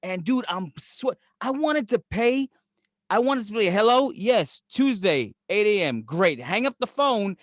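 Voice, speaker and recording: A higher-pitched man with a New York accent tells profane stories on a podcast, acting out every quote and laughing as he goes. The sound is dry and close, with no room echo. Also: unhurried. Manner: animated storyteller, acts out quotes, profane, laughs often. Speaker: podcast co-host. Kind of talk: casual podcast banter.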